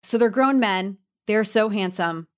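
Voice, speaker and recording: A woman's voice: medium pitch, unhurried. A woman with a Southern US accent co-hosting a podcast, chatting frankly and animatedly, swearing freely and saying y'all. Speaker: podcast co-host, beauty writer. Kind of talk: casual gossip chat.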